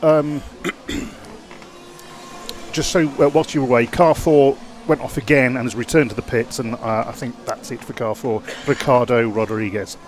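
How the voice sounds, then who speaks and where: A man's voice: mid-range voice, fairly even intonation, moderate pace, soft background music. A man filling in on live race commentary, hesitant and unsure of himself. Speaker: stand-in co-commentator.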